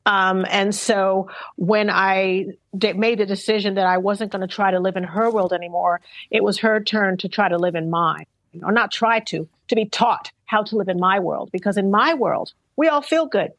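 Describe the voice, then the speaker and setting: A middle-aged woman being interviewed, talking in a thoughtful, earnest and measured way. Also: medium pitch, fairly bright tone, no room sound, poor audio. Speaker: interviewed singer. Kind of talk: reflective interview talk.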